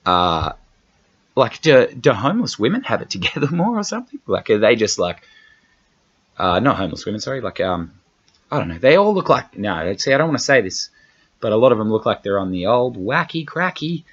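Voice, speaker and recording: A man's voice: lowish voice, very animated, moderate pace. An Australian man hosting a comedy podcast in a casual chat, rambling, profane and self-mocking. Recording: dull lo-fi podcast audio.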